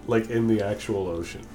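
Rambling, goofy low-voiced co-host. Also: male voice, a little mellow, recorded from a distance. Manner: rambling, goofy, stumbles and restarts. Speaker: podcast co-host. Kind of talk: casual podcast chat.

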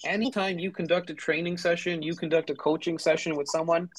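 A man guest on a podcast, upbeat, pitching his coaching app and checking in with "right?" after his points. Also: fairly even intonation, fairly quick, rough recording. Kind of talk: promotional pitch in interview.

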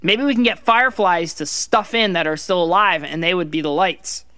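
A man bantering on a casual podcast, playful and dry with sarcasm. His voice has a bright, forward edge. He spins silly ideas out loud. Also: sits high, normal speed, smooth, no room sound. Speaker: podcast co-host.

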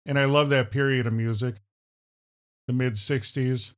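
A man's voice: mid-range voice, steady tone, normal speed. A man from Minnesota co-hosting a casual chat show, enthusiastic and fond of repeating the word "powerful". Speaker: podcast co-host.

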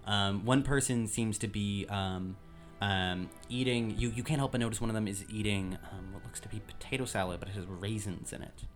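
A low-pitched man narrates a tabletop adventure as game master and pauses often with ums. Soft music plays faintly behind him. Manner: relaxed, many ums while describing.

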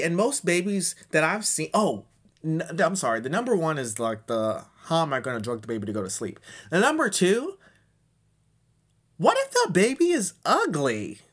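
A man in his thirties, a podcast host rambling through a profane, self-mocking comedic monologue. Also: sits high. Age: 30s.

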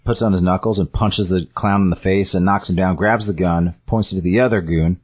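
Low husky guy just rambling thru a story recap, um and like everywhere. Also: steady tone, fairly quick. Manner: rambling, filler-heavy, self-correcting. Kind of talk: casual scene-by-scene retelling.

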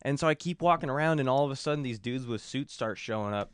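Young man, rambling storyteller, smooth clear voice, dry close mic. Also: mid-range voice, fast, dry recording. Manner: rambling storyteller, heavy cursing and "like" fillers. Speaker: podcast co-host. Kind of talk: casual chat, telling a dream story.

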